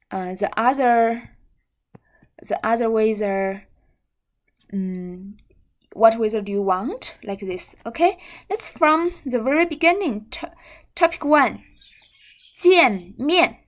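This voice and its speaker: Brief: young Chinese-accented woman teacher, slightly high voice, slow careful drilling of syllables. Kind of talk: language lesson.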